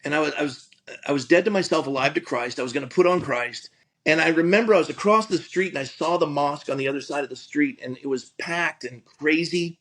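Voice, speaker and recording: Brisk and a bit bright, a middle-aged man's fairly high voice comes through poor audio. He is a pastor relating a personal story earnestly and conversationally, with many restarts and stammered repetitions.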